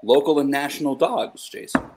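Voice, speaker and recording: A man's voice: mid-range voice, moderate pace, crowd noise. A man co-hosting a podcast, teasing the others with wry remarks. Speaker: podcast co-host. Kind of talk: casual podcast chat.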